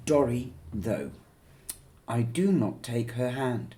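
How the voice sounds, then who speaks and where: A man reading a novel aloud in first person. His delivery is slow and measured, with a mid-range pitch and an occasional filler. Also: lively intonation, mellow. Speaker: audiobook reader.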